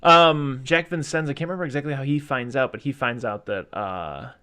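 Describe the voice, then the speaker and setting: A man's voice: mid-range voice, a little fast, bright, forceful tone, clear, resonant tone. Male podcast host, casual and rambling, recaps scenes with mumbled quotes. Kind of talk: casual movie chat.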